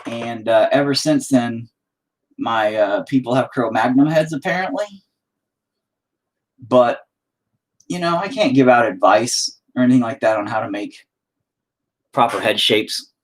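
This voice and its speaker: A man's voice: medium pitch, unhurried, pauses often. A man talking to himself while painting, casual, profane and self-mocking, rambling and frustrated as he thinks aloud. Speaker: painting vlogger.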